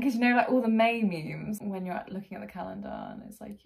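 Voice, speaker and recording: A woman's voice: mid-range voice, fairly quick, gravelly, hardly any pauses. A young woman gushing through a casual music reaction, full of fillers and little laughs. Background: music playing faintly.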